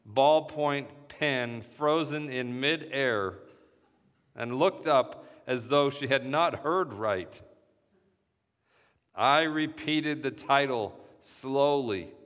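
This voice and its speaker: Man, story reading, measured, mid-pitched, reverberant. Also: fairly bright tone. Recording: reverberant hall sound.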